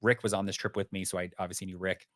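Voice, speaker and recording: A man telling a vivid story as a podcast guest, lively and animated. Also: low voice, very fast, dry recording, studio quality. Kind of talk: storytelling in an interview.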